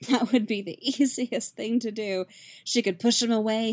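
A woman reading a story aloud in a soft, steady, intimate narration. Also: on the high side, normal speed. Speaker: reader. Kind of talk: audiobook-style fiction reading.

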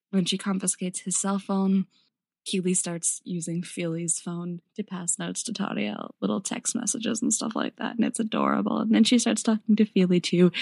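A woman casually retelling a fan-fiction plot, chatty and quick, slipping into short voiced asides for the characters. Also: medium pitch, vocal fry, a little mellow, no room sound. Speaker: storyteller.

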